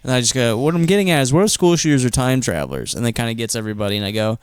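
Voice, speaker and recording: A male comedian chats as a podcast guest, laid back as he walks through his joke setups. His voice is smooth and clear at a mid pitch. The recording is dry and close. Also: animated, racing, no echo. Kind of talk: casual podcast chat.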